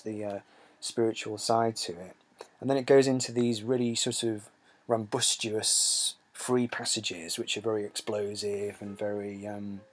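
A host with a fairly low voice chats casually about records, wandering off topic and filling gaps with ums and uhs. Music plays in the background, along with slight background noise.

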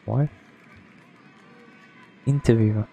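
A man's voice: medium pitch, fairly even intonation, very slow, vocal fry, dark tone, faint music behind. A man giving casual, rambling let's-play commentary, hesitant and full of ums. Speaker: gaming streamer.

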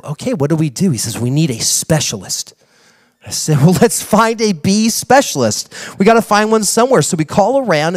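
A man preaching a sermon as a pastor, telling a story with acted-out dialogue and building to excited preaching. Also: fairly high pitch, dry recording. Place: church.

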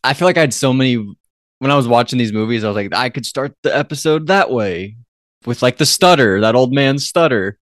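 A man's voice: medium pitch, lively intonation, fairly quick, a bit bright, dry recording, clean studio sound. A man co-hosting a film podcast in casual chat, playful and rambling. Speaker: podcast co-host.

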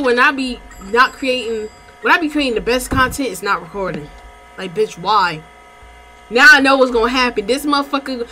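A woman's voice: fairly high pitch, moderate pace, slight background noise. A woman hosting a gameplay video, talking casually with lots of slang and swearing as she plays. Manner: loud, profane, slangy and animated. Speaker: gaming video host.

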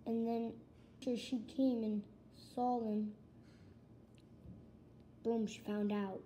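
A woman's voice: on the high side, little pitch movement, drawn-out words, mellow, slight background noise. A girl playing a worried pleading pet dad. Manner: pleading, soothing. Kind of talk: toy pet home-video role-play.

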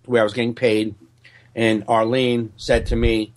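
A man's voice: medium pitch, a little slow. A man, a stand-up comedian, telling a story in casual podcast chat, swearing and acting out other people's voices. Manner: profane, animated, acts out other people's voices.

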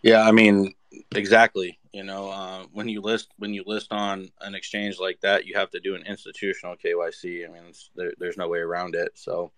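A man with a smooth, low voice talks casually on an online audio call. He repeats words and lets sentences trail off. The recording is dry, with no room sound. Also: little pitch movement, normal speed, a bit bright, no echo.

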